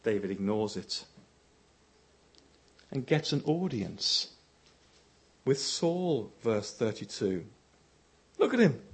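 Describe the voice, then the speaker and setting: A man preaching a sermon, telling a story with animation, his voice rising for quoted lines and sinking low to drive points home. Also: very animated, takes it slowly, long pauses.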